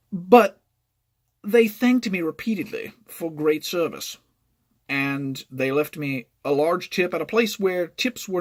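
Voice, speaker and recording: Lively, higher-voiced male gamer vlogger. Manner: explanatory, keeps checking in with "right?". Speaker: gaming vlogger. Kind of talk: storytime vlog.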